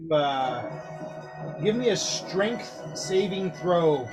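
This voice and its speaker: Man narrating as game master, higher voice. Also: very slow, over loud music. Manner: descriptive, relaxed narration with fillers.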